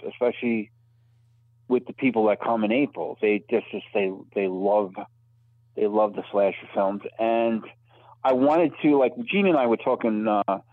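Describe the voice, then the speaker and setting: Low-ish guy on a tinny phone line, stumbles and restarts a lot, dry sound. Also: dry recording. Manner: halting, many restarts and fillers. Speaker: drive-in event organizer. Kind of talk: casual podcast chat.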